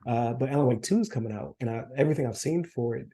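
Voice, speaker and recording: A man's voice: mid-range voice, fast, warm tone, husky. A man co-hosting a podcast in casual chat, losing his voice, rambling with fillers and frequent laughs. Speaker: podcast co-host.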